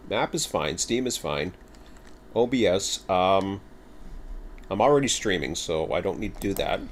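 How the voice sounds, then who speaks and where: A man's voice: fairly low pitch, slight background noise. A man casually chatting and rambling to his viewers while hosting a game livestream, poking fun at himself. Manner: rambling, chatty, self-mocking. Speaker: game streamer.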